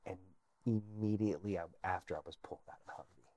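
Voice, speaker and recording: An army veteran, interviewed as a guest, shares his personal story in an earnest, animated way, at times sinking almost to a whisper. His voice is low and his pace quick, with slight background noise in the recording.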